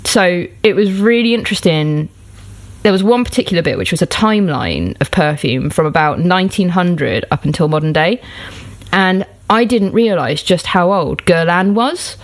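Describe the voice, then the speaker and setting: A young woman chatting as a podcast guest, self-mocking and quick to laugh. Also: lowish voice, animated. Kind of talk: casual chat.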